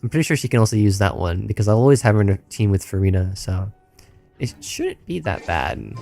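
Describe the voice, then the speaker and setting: A man's voice: lowish voice, very animated, fairly quick, creaky, dark tone, soft background music. A man streaming a video game who rambles, repeats himself and laughs a lot, sounding tired as his voice wears out. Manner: rambling, stammering, laughing often. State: tired, voice going. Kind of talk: casual gaming livestream chat.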